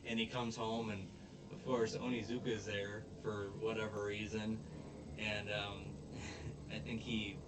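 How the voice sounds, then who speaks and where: A man's voice: lowish voice, flat delivery, measured pace, background noise. A man casually recapping an anime episode in a rambling way, full of fillers. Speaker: podcast host.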